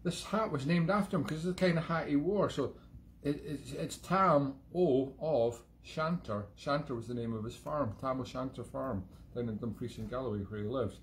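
A man's voice: mid-range voice, a little fast, hardly any pauses, slight background noise. A Scottish man hosting a live-streamed music show from home, chatting in a rambling, digressive way with self-mocking humour. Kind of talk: rambling casual monologue.

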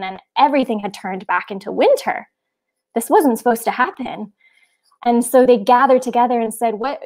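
A woman telling a children's nature story on a livestream, gentle and unhurried. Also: mid-range voice.

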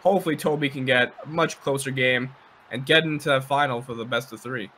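Canadian male co-caster, bright tone, relaxed analytical game commentary. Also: mid-range voice, fairly quick. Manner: relaxed, agreeable, analytical about play. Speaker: esports commentator.

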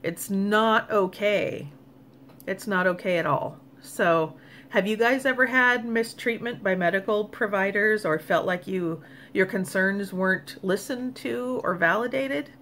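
A middle-aged woman talks straight to her viewers in a casual vlog, frank and openly exasperated. Her voice sits at an ordinary middle pitch. A faint steady noise runs underneath. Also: unhurried. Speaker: vlogger. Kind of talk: casual personal vlog talk.

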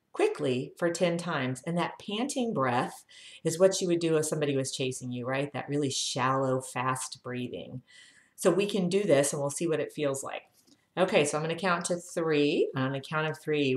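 Woman, low voice, calm guiding manner, breathing-exercise lesson, echoey room. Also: moderate pace. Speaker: health educator.

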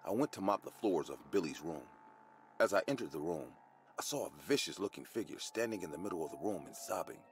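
A man telling a first-person horror story as scripted, expressive narration. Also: sits low, a little fast, a little hiss or hum.

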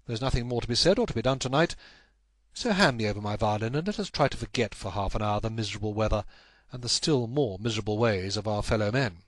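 A man's voice: on the low side, animated, fast talker, no room sound, close to an everyday voice. A man voicing a brilliant, intense Victorian male detective, speaking in a raised, emphatic, declamatory way. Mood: explaining.

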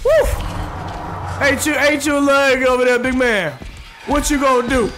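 High-voiced excitable gamer man. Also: normal speed. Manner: excitable, profane, talks to the game and chat. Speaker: gaming streamer. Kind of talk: live gameplay commentary. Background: game music.

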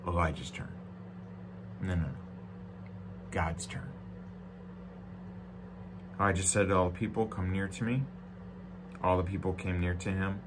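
A male pastor with a fairly low voice preaches, reading scripture and breaking in with dry jokes. He moves between loud, emphatic declarations and quiet, hushed reflection. A faint hum runs underneath. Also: fairly even intonation, measured pace, pauses often. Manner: reads scripture aloud with asides and jokes. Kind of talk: sermon. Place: church.

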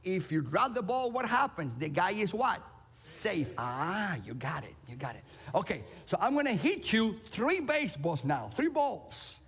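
A man from Cuba preaching a sermon, playful and animated, calling out to people in the audience. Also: high voice, measured pace, breathy edge, in a large hall. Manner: playful, animated, calls out to the crowd. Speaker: pastor. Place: large church auditorium.

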